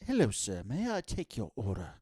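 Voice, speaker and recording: A man voicing a prim, proper fast-food cashier with a put-on British accent, stiff and formal. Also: fairly low pitch, huge pitch swings, mellow, breathy edge, dry recording, clean studio sound, full character voice. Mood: polite. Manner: stiff, overly formal and indignant.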